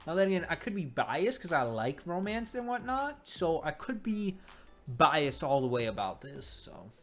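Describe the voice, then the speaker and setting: A man's voice: on the high side, very animated, normal speed, faint music behind. A young man giving casual, rambling commentary while reviewing a webcomic, full of joking asides.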